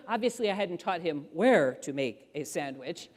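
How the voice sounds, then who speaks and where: Middle-aged lady giving a parenting talk, animated storyteller, pitch jumping all over, big echoey hall. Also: a little fast, hardly any pauses. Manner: animated storyteller who acts out voices. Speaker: parenting author and speaker. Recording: long hall reverb.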